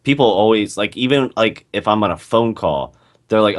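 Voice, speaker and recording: A man's voice: lowish voice, expressive, normal speed. A man co-hosting a casual podcast over a call, laid-back and agreeable, hesitating with fillers. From North America. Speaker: podcast co-host. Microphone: call recording.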